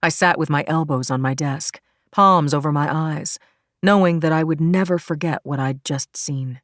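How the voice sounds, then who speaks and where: Woman audiobook narrator, low voice, tense dramatic reading, dry close sound. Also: normal speed, no echo. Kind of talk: scripted first-person thriller narration.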